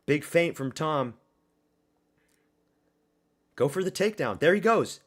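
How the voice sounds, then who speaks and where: Excitable, profane fight-watching man. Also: a little high, slow. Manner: excitable, profane, repeats himself. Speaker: watch-party streamer. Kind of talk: live fight reaction commentary.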